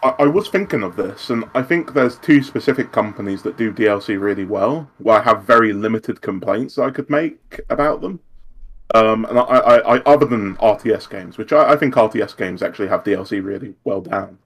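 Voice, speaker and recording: A man's voice: on the low side, brisk. A man on a podcast panel who starts with hesitant repeats, then talks through his opinions fluently. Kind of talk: casual chat.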